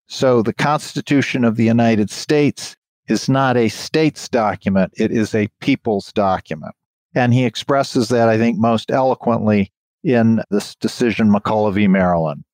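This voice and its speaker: A man lecturing on history, explaining court arguments in a measured, explanatory way. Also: mid-range voice, a little mellow, no room sound. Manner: measured, explanatory, reads historic quotations aloud.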